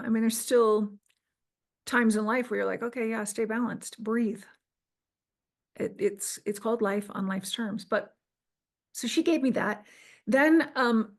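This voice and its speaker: Middle-aged woman guest, higher voice with a gravelly fry, recounting her experience earnestly. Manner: earnest, restarts and quotes herself. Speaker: interview guest. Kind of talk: personal storytelling.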